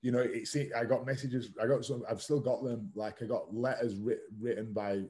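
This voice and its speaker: Man, thirties, podcast guest, mellow warm tone, frank casual storytelling, lots of fillers. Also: mid-range voice, fairly even intonation, normal speed. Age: 30s. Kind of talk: candid conversational storytelling.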